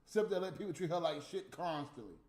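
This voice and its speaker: A man delivering a heated, profane, scolding rant on a livestream, with loud bursts. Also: on the high side, lively intonation, quick pace. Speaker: livestream host. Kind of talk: unscripted ranting monologue. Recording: echoey room with faint music.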